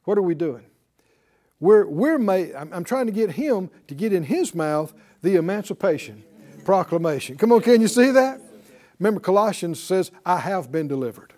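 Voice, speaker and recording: An older man delivers a sermon in a high-pitched voice. He swings his pitch widely as he preaches and calls on the congregation to answer him back. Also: moderate pace. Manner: animated, call-and-response with congregation. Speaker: pastor.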